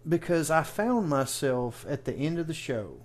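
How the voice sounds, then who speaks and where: Podcast co-host from the US, mid-pitched, animated, rambling storyteller who restarts sentences. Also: male voice, moderate pace. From United States. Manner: rambling, stop-start storytelling. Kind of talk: casual chat.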